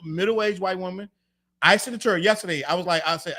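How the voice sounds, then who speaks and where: A man hosting a podcast, making his case in casual chat, insistent and quick to cut in with repeated objections. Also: high-pitched, bright, forceful tone. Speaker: podcast host.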